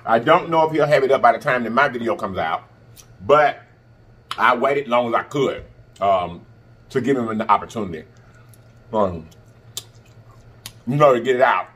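A man's voice: mid-range voice, lively intonation, moderate pace, long pauses, fairly bright tone, slightly rough. A man vlogger talking casually to camera, chatty and repeating himself for emphasis. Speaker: mukbang vlogger.

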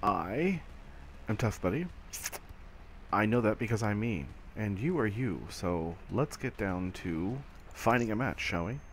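A man's voice: lowish voice, animated, a little slow, slight background noise. A man casually commentating his own online shooter match, rambling and stammering, often mocking himself. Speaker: gameplay commentator.

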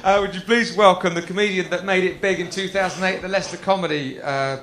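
A man's voice: high-pitched, fairly even intonation, fast talker, fairly bright tone. A man hosting a live festival chat show, introducing the next comedian with upbeat patter. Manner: upbeat compère, introduces acts. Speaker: show host. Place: festival stage with a live audience.

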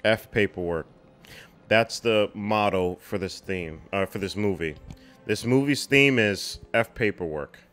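A young man with a slightly low voice talks his way through a film reaction in a loose, casual way. He bursts out excitedly and laughs often. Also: measured pace, soft background music.

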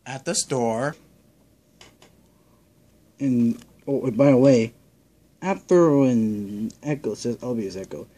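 A man's voice: mid-range voice, mellow. A man narrating a toy story in stops and starts, telling the other player what to say. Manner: halting, restarts, narrates then voices toys. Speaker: storyteller directing toy play. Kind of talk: playful toy role-play.

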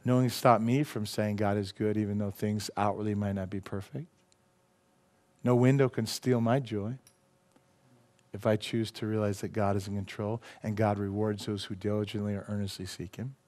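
A male pastor preaching a sermon in a church, rising to loud emphatic peaks and dropping to quiet, earnest lines. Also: medium pitch, moderate pace. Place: church sanctuary.

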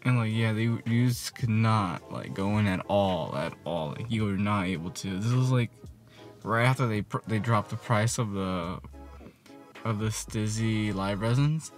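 A vlogger in his 20s tells a rambling, profane storytime rant full of fillers, with music playing behind him. His voice is fairly low and his pace measured.

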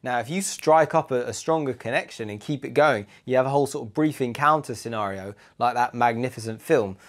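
A man's voice: medium pitch, brisk. A man, co-hosting a podcast and giving blunt, emphatic relationship advice in casual chat. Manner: chatty, emphatic, British slang.

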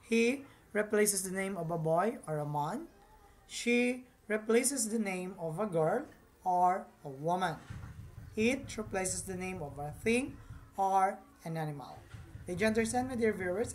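A woman teaching grammar in an unhurried, deliberate way, her voice sitting a little low. She repeats each point patiently and calls her viewers "class." A faint hum of room ambience sits behind her. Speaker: English teacher. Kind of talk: slow grammar lesson.

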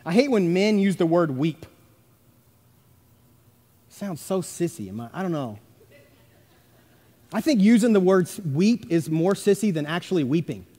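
A man preaching a sermon as pastor, emphatic, swinging between loud stresses and hushed asides. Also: sits high, lively intonation, a little slow, pauses often. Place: church sanctuary. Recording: long church reverb.

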